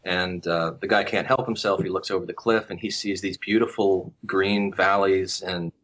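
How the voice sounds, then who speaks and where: A man speaks in a slightly low voice, chatting casually as a guest. He tells his stories in a relaxed, unhurried way, often stopping to restart a phrase. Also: slight background noise. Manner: relaxed, halting with frequent restarts and fillers. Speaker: guest researcher. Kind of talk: casual storytelling conversation.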